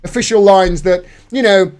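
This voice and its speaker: This man's voice sits high and is a little mellow, moving at normal speed. Hosting a live political commentary stream, he rants angrily and curses a lot.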